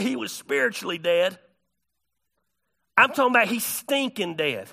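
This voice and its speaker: A man preaching a sermon, telling stories with big swings between hushed and shouted delivery. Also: high-pitched, lively intonation, unhurried, creaky. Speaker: pastor.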